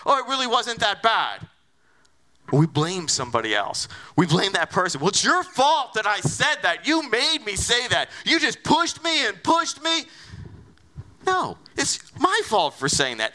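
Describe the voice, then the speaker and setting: A male pastor delivers a sermon in a bright, forceful voice that sits high for a man. He talks in an animated, conversational way. He keeps asking his listeners rhetorical questions.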